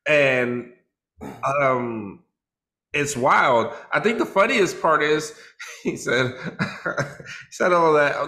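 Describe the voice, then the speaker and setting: A woman's voice: low-pitched, extremely slow, long pauses, fairly bright tone. A woman co-hosting a casual podcast chat, laughing often and telling stories with animation. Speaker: podcast co-host.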